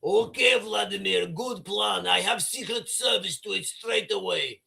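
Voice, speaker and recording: A man's voice: high-pitched, a little slow, creaky, bright, forceful tone, exaggerated voice. A man voicing a Russian henchman who eagerly reports to his boss in broken English with a mock Russian accent. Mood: conspiratorial.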